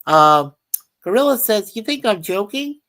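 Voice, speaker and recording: A woman's voice: mid-range voice, big pitch swings, a little slow, a bit bright. A woman hosting a casual livestream chat, rambling and reading viewer comments aloud. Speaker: livestream host.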